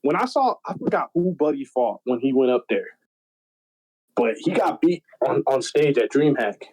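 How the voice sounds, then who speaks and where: A young man in casual podcast chat, telling stories in an animated, slangy, profane way. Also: mid-range voice, normal speed, husky, poor audio. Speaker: podcast guest.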